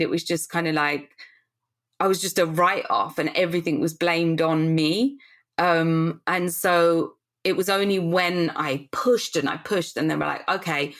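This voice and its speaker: A woman in her thirties speaks with a low, gravelly voice. She tells her story in an earnest, rambling podcast conversation. She restarts often and acts out what people said to her. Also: a bit bright. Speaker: podcast guest, business founder.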